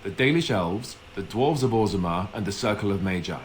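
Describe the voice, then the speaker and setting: A man's voice: on the low side, expressive, brisk, slight background noise, natural voice, low-quality recording. An actor playing an earnest, self-deprecating young male warrior in a video game.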